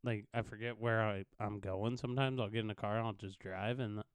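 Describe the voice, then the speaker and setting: A man's voice: fairly low pitch, steady tone, fairly quick, smooth, no echo. A young man co-hosting a podcast, chatting casually with a profane, joking, mock-angry bickering manner. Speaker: podcast co-host. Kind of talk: casual chat.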